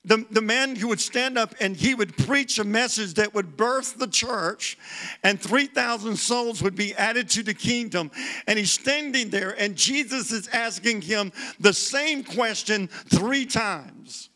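Guest preacher, male, high bright voice, call-and-response sermon delivery. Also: lively intonation, a little slow. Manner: preaching with call-and-response, repeating words for emphasis. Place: church sanctuary.

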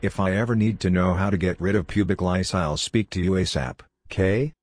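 A man voicing a young man trapped inside a beer can, chirpy and taunting in a low voice. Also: moderate pace, darkish tone. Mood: mocking.

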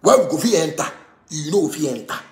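A man's voice: a little high, expressive, quick pace, echoey room. A Ghanaian man in his thirties with a Ghanaian Pidgin English accent, ranting angrily, repeating himself in stammering outbursts. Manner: heated, repetitive, stammering outbursts. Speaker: musician. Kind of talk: angry rant.

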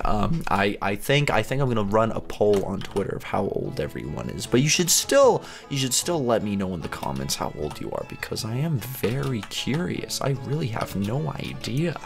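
Lively playful young gaming host. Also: male voice, fairly low pitch, creaky. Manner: playful, chatty, laughs often. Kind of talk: casual game commentary.

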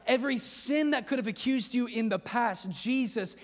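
A man preaching a sermon in a large church hall, with an urgent, impassioned delivery. His voice sits fairly high for a man. Long reverb hangs behind every phrase. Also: normal speed. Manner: impassioned preaching that rises to shouts. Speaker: pastor.

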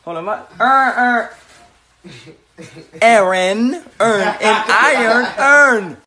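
A woman in a played video clip, speaking loudly and laughing in disbelief. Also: a little high, extremely slow.

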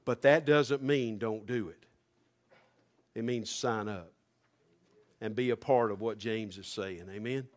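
A male pastor preaching a sermon, rising fervently to near-shouts. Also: on the low side, measured pace, long pauses.

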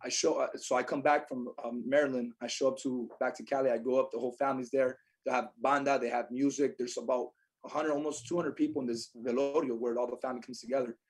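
A man telling stories on a podcast in a fast, emphatic way, with quiet somber moments and loud bursts. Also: medium pitch, fairly even intonation, breathy edge. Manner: fast, emphatic, swings between quiet sorrow and loud energy. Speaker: podcast guest, insurance agent. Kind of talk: animated storytelling.

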